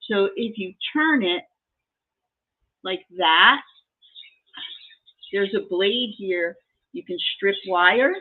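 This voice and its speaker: A middle-aged woman hosting a live collectibles sale, chatting casually and telling a story in an animated way. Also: medium pitch, extremely slow, pauses often, breathy edge. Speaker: host selling collectibles. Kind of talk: casual sales chat and storytelling. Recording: tinny phone-like audio.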